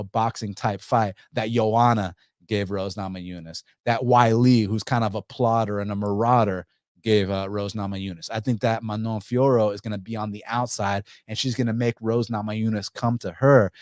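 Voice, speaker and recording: A man's voice: fairly low pitch, no room sound, studio quality. A man hosting a casual fight-betting show, rambling and profane, with many restarts. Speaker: podcast host.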